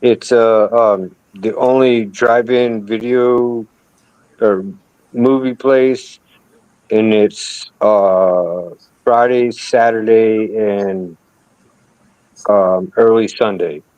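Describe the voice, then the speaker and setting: A man who is a guest on a casual live stream, talking in a halting way, repeating himself and joking now and then. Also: lowish voice, steady tone, a little mellow, smooth, no room sound, low-quality recording.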